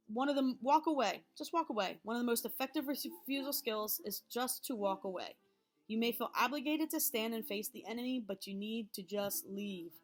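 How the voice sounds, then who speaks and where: A woman teacher reading over a health lesson and explaining it to her students in a chatty way, checking in often with "okay?". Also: mid-range voice. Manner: chatty, checks in with frequent okays.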